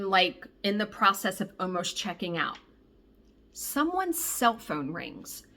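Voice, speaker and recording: Female craft vlogger, lively storyteller, bright voice, fairly high, salty language. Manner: animated, profane, exasperated storyteller. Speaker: cross-stitch vlogger. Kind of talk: casual storytelling.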